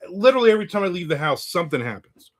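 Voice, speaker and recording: His voice is high and rapid-fire, swinging widely in pitch. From the American South, he hosts a laid-back live stream, narrating a tale and reading comments his viewers post in chat.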